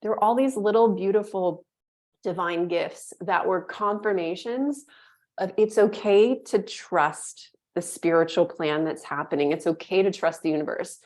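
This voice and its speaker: A woman in her thirties, a podcast guest, telling a personal story with animated delivery and acting out the inner voices she recalls. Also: fairly low pitch, measured pace. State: moved to tears at times.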